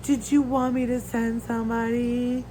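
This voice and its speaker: A woman's voice: a little high, little pitch movement, normal speed, dark tone, pitched above the performer's own voice, natural voice, rough recording. A breezy female agency coordinator, falsely sweet and overly familiar, as a woman mimics her. She lilts in a sing-song, slightly raised voice. A faint hiss sits underneath.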